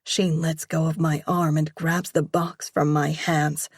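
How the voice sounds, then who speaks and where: A woman reading a first-person romance audiobook in a slow, measured way. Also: low-pitched, level tone, slightly rough, no echo, studio quality. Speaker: audiobook narrator.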